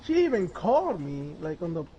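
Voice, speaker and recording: A man's voice: fairly high pitch, wildly swooping pitch, moderate pace, mellow, dull audio, a little hiss or hum. A man telling a story in casual chat on a stream, crude and rambling, laughing as he goes.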